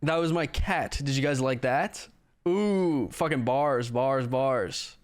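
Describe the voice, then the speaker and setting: A man's voice: mid-range voice, slow, clean tone. A male livestreamer chatting casually with viewers, joking and swearing as he answers their questions. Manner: joking, profane, self-mocking.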